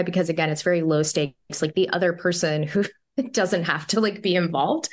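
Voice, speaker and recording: Low-voiced woman therapist, chatty and rambling. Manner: chatty storytelling, full of "like" fillers. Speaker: psychotherapist and coach, podcast guest. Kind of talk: casual interview chat.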